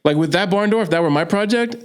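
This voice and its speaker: Fast-talking, encouraging man on a podcast. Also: sits high, smooth. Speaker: podcast co-host. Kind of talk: candid faith podcast conversation.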